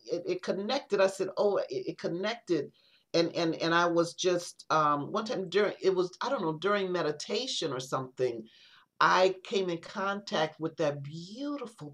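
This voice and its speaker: A woman poet, a guest on an interview podcast, talking reflectively in casual conversation, with many halting restarts. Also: lowish voice, a bit bright.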